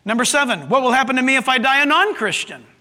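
A man's voice: extremely high pitch, expressive, fast talker, sharp tone. A male pastor preaching a sermon, emphatic and full of rhetorical questions to his congregation. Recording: long hall reverb.

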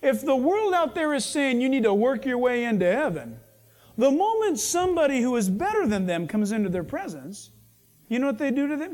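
A man's voice: extremely high pitch, big pitch swings, a little fast, darkish tone. Joking conversational preacher man. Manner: conversational, jokey, acts out dialogue. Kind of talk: sermon.

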